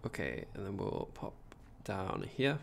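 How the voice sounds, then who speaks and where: A man's voice: low voice, very animated, measured pace, creaky, slight background noise. A man with a posh English accent, chatting casually on a gameplay livestream, rambling and reading out chat as he builds. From England.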